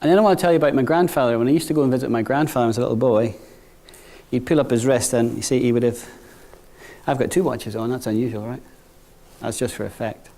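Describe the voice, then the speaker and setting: A middle-aged man giving a business talk to new graduates, conversational, often checking in with "right?" and dropping quiet for anecdotes. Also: medium pitch, fast. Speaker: bank executive speaking to graduates.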